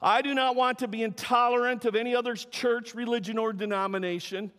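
A male pastor preaching a sermon, emphatic, swinging between loud cries and hushed, soft talk. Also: very high-pitched, fairly even intonation, a little fast. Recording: long reverb of a large hall.

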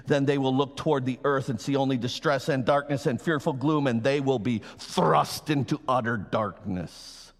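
Fervent male pastor in a reverberant hall. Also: mid-range voice. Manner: swings from loud fervent preaching to slow quiet emphasis. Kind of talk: sermon. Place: church hall.

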